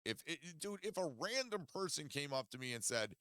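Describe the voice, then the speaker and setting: A man's voice: on the high side, big pitch swings, fairly quick, sharp tone, smooth, no room sound, studio quality. A man hosting a podcast from his basement, telling a rambling, profanity-heavy story in casual chat. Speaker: podcast host. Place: home basement studio.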